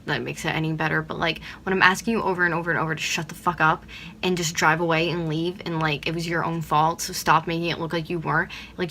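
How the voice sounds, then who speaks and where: A woman's voice: low-pitched, pushed and bright, slight background noise. A young woman from Pennsylvania ranting to her viewers on a vlog, blunt and swearing freely, with lots of "like". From Pennsylvania, USA. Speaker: vlogger.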